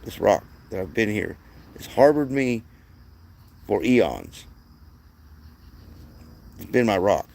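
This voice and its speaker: A man's voice: on the low side, sing-song, takes it slowly, vocal fry, long pauses, darkish tone. A man delivering a rambling, profane monologue as the channel's host, often restarting his sentences.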